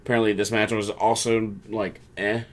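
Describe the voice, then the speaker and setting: A man's voice: on the low side, level tone, moderate pace. A man casually recapping a wrestling show, breaking into mocking voices to quote the wrestlers. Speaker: podcast co-host.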